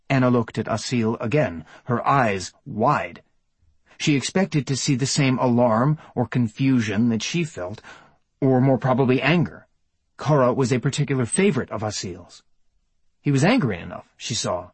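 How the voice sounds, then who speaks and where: A man narrates an audiobook in a measured, even storytelling voice. His tone is mid-pitched and husky. The recording is close and dry. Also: no room sound.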